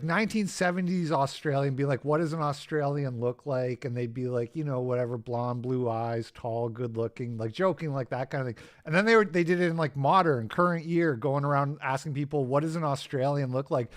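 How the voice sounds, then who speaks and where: A man hosting a casual political chat, halting with restarts. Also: mid-range voice. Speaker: host.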